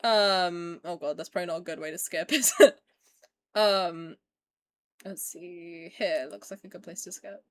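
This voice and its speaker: A young woman streaming a casual reaction to a game trailer, excitable and loud and swearing freely, talking into a desk mic. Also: on the low side, measured pace. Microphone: desk mic while seated at a computer.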